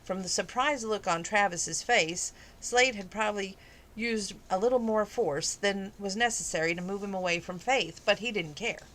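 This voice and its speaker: A woman's voice: mid-range voice, normal speed, fairly bright tone. A woman reading a romance novel aloud as a hobby, with casual asides and laughs between passages. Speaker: amateur audiobook reader.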